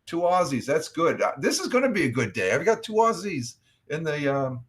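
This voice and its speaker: A man's voice: a little high, sing-song, moderate pace, slightly rough. Middle-aged male streamer, casual chat host, friendly rambling delivery, reads chat aloud, lots of restarts. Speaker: livestream host. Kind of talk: casual morning livestream chat.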